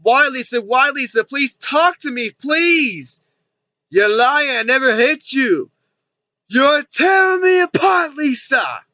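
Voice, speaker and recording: A man putting on an impression of a distraught, melodramatic man who pleads and shouts in overwrought, repeated lines. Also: sits high, sing-song, moderate pace, few pauses, dry recording, muffled recording, full character voice. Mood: anguished.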